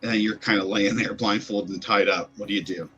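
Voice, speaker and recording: Man, game master, rambling narration, bright tense tone, faint music behind. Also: on the low side, steady tone, brisk, lo-fi sound. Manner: loose, rambling descriptions full of fillers.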